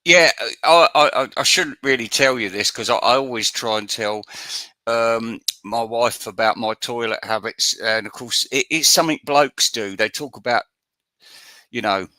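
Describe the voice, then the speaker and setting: Give me a mocking man with a tense bright voice, rambling and ranting. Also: mid-range voice, normal speed, no echo. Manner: crude, profane, rambling and mocking. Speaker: channel host. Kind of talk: ranting casual monologue.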